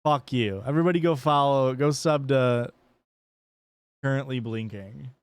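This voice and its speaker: A man's voice: mid-range voice, moderate pace, clear, resonant tone, dry recording. A man streaming a game live, chatting casually and joking with chat, often swearing playfully.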